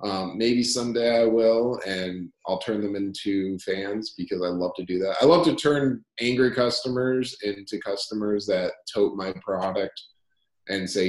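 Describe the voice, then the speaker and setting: A young man, a company founder, talking as a guest in a casual interview, telling energetic stories and acting out dialogue. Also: fairly low pitch, moderate pace. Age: young adult. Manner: energetic storyteller, repeats phrases, acts out dialogue. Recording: roomy echo.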